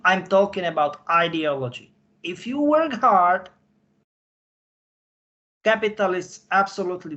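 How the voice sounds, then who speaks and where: A man speaking in casual conversation, halting and searching for his words. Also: sits high, fairly bright tone. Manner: halting, searching for words in non-native English. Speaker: podcast guest insider. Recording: dull lo-fi audio.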